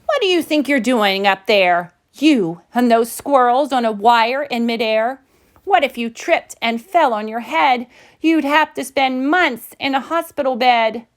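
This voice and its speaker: A woman's voice: a little high, expressive, unhurried, pitched above the performer's own voice. A woman doing a frazzled mother cat. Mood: scolding. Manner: worried, scolding, sing-song rhymes. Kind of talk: storybook read-aloud.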